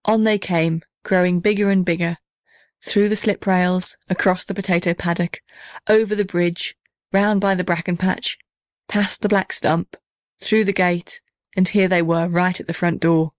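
A woman reading a children's storybook aloud in a gentle, measured way. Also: fairly low pitch, fairly even intonation, no echo, clean studio sound. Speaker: narrator.

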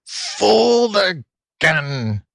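A man's voice: high voice, big pitch swings, extremely slow, gravelly, fairly bright tone, no echo, clean studio sound, voice pushed up, exaggerated voice. A man voicing a sneaky male fox villain who howls and drawls. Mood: frustrated. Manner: howling snickering drawl.

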